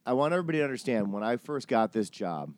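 A man telling a story in a relaxed chat, peppered with swearing. He acts out the people in it with lively jumps in voice. His voice sits at a middle pitch, recorded close and dry. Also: quick pace, no room sound. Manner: animated, profane, acts out quoted people. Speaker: podcast host telling a story.

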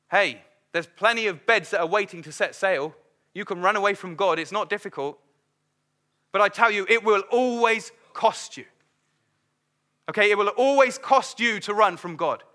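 A middle-aged man delivers a sermon in a lively, conversational style, acting out the voices of the people he quotes. His voice sits high.

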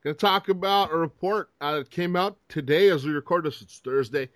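Podcast co-host, male, high pitch, crude joker, dry close recording. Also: a little fast, fairly bright tone, no room sound. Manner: crude, joking, laughs often. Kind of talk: casual chat.

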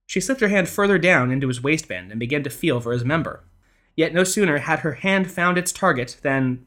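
A man reading an old ghost story aloud in a measured, expressive storytelling style. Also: medium pitch. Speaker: podcast narrator. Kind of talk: scripted storytelling narration.

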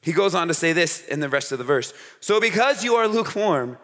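A man preaching a youth sermon at a camp, telling stories in an animated way and checking in with the crowd with "okay?" and "all right?". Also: a little high, fairly quick. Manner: animated storytelling with frequent "okay?" asides. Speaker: camp speaker. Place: large hall with an audience. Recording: hall reverb.

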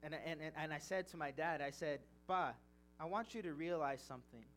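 Young male preacher, earnest and emotional, a touch high-voiced, with a faint hum behind. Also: a little fast, fairly bright tone. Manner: earnest, emotional, reading scripture then storytelling. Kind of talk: sermon with personal testimony.

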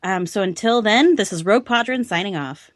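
A woman's voice: mid-range voice, a little fast, no echo. Co-host: woman, mid-range voice, rambling casual chat, dry close sound. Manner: rambling, laughs often. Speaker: podcast co-host.

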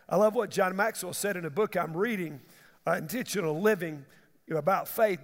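A middle-aged man preaches in a folksy, emphatic way and asks the congregation questions. His voice sits high and swings widely, with a gravelly edge. A long reverb trails behind him, as in a large hall. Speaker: pastor. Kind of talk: sermon.

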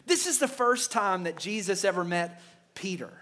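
A man's voice: high-pitched, lively intonation, normal speed, pushed and bright. A male pastor preaching a sermon emphatically, often stammering and repeating words as he builds a point.

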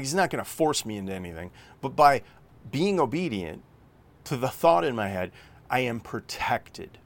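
A man giving informal Bible teaching, earnest and rambling, with restarts and fillers as he explains verses. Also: medium pitch. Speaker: preacher.

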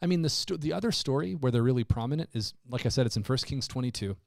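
A man in a casual Bible discussion, a lively storyteller who acts out the lines he quotes. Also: mid-range voice, quick pace, creaky, no room sound, clean studio sound.

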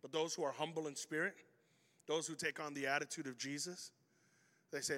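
A man's voice: fairly high pitch, fairly quick, sharp tone. A man preaching a sermon as pastor, telling stories animatedly and acting out the voices of the people in them. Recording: hall reverb.

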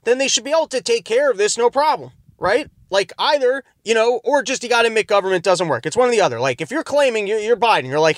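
A man's voice: high voice, expressive, fast, few pauses, no room sound, clean studio sound. A man hosting a podcast, giving rambling, sarcastic comedic commentary from his car. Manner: rambling, sarcastic, self-interrupting. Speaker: podcast host.

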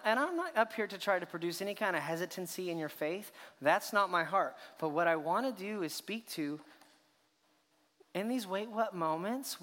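Animated male pastor in a reverberant church. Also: high voice. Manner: animated storytelling, rhetorical questions, voices reactions. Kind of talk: sermon. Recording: long hall reverb.

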